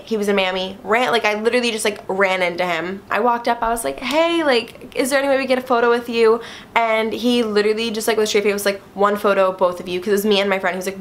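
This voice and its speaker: A young woman chatting casually to her viewers, full of "like" fillers and animated retellings. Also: mid-range voice, a little hiss or hum. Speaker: vlogger. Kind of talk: casual storytime chat to camera.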